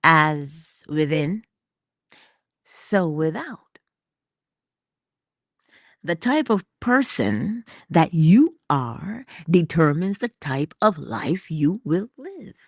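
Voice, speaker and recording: Lively woman giving a motivational talk. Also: low voice, very slow, long pauses, dry recording, studio quality. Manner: animated, playful, theatrical. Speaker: inspirational speaker.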